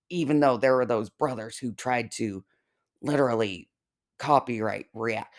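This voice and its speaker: A woman's voice: extremely low pitch, animated. A woman commentator reacting to a clip, sarcastic and swearing freely. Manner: sarcastic, profane, slow and deliberate.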